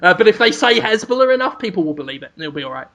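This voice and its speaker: A man's voice: sits high, very animated, racing, pushed and bright. A man co-hosting a comedy podcast, rambling through an absurd made-up story and laughing at his own jokes. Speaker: podcast co-host.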